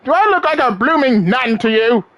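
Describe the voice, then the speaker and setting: A brash cockney woman, put on by a woman reading a game aloud talks back defiantly. Her pitch moves with lively swings. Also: normal speed, muffled recording, slight background noise. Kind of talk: video game let's play voice acting.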